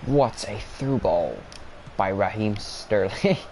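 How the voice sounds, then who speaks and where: A young man livestreaming a football video game, reacting out loud with quick exclamations and rambling, self-mocking asides. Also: on the low side, animated, a little hiss or hum. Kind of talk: live gameplay commentary.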